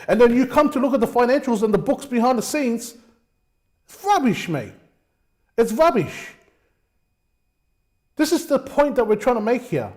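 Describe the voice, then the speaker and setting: A man's voice: very high-pitched, sing-song, normal speed, long pauses, darkish tone. A man hosting a talk show, delivering passionate, opinionated political commentary, often calling listeners "mate". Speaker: show host.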